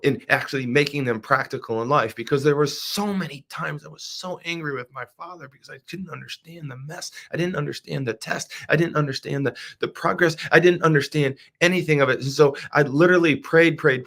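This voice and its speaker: A man's voice: mid-range voice, fairly bright tone. Male host, devotional talk, earnest, repeats phrases with preacher-like emphasis.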